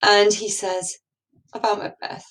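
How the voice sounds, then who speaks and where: A woman's voice: medium pitch, little pitch movement, measured pace, a bit bright, low-quality recording. A woman teaching a recorded lesson, musing aloud and posing rhetorical questions.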